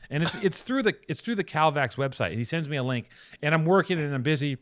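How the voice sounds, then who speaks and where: A man co-hosting a podcast chats casually, telling rambling, sarcastic stories full of swearing. His voice is on the high side and fairly bright, with lively intonation and a fast pace, recorded with no room sound.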